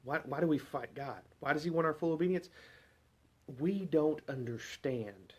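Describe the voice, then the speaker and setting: A man's voice: a little high, normal speed, darkish tone, slightly rough. A man preaching a casual devotional sermon, talking conversationally and asking many rhetorical questions. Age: adult parent.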